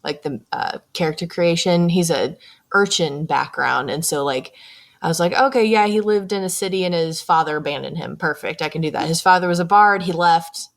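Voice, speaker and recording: A woman's voice: lowish voice, normal speed, vocal fry. A young woman co-hosting a podcast, talking casually about her game character, chatty, with frequent laughs and fillers. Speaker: podcast co-host. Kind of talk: casual chat.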